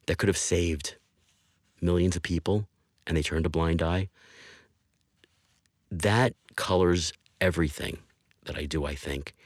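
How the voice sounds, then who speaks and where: Very deep-voiced man, earnest and emphatic. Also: no room sound, studio quality. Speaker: TV news executive producer. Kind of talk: podcast interview.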